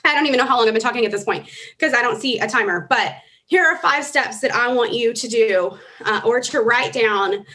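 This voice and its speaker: Woman, motivational stage talk, emotional, urgent, somewhat high pitch. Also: expressive, fairly quick, sharp tone. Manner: emotional, earnest, rising to urgent exhortation. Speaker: convention speaker. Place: large convention hall.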